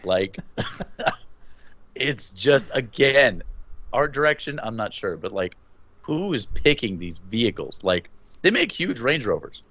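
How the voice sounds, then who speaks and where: A man co-hosting a horror movie podcast, talking in an animated, swearing, laughing way. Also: medium pitch, slow pace, long pauses, lo-fi sound. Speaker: podcast co-host. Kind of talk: casual movie review chat.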